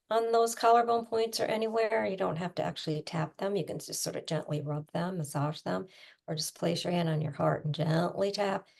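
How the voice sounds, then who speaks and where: A middle-aged woman coach talking casually, explaining with everyday images and quick asides. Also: fairly low pitch, creaky, a little mellow. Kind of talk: casual conversational teaching.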